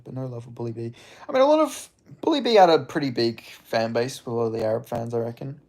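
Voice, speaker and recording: A man's voice: medium pitch, lively intonation, fast, darkish tone. Laid-back young Australian man chatting. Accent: mild Australian. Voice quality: laid-back, swears casually. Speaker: streamer answering chat. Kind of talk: casual livestream chat.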